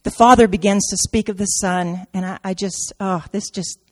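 A woman preaching a sermon with great drama, dropping to near-whispers and rising to shouts. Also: medium pitch, steady tone, moderate pace, big-room sound. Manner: dramatic, swings from soft to shouting, acts out quotes.

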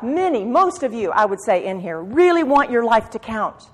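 A middle-aged woman preaching to women, moving from soft confiding asides to urgent exhortation. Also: fairly high pitch, very animated, moderate pace. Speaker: women's Bible teacher. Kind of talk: sermon. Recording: long hall reverb.

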